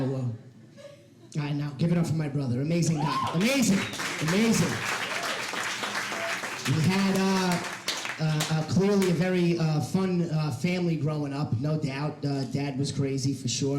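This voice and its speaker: A man in his forties with a high voice hosts a live comedy night, excitable and hyping the room. The club is echoey, with a lively crowd behind him. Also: unhurried, background noise. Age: 40s. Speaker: comedy show producer and host. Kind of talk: hosting a stand-up show. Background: audience.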